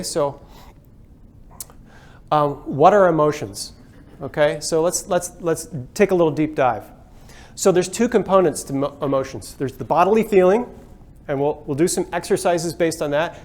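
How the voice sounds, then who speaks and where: A man with a fairly high voice leads a workshop at a conference, speaking to a live audience. He is animated, slipping into the voices of the people he quotes. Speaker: culture change consultant.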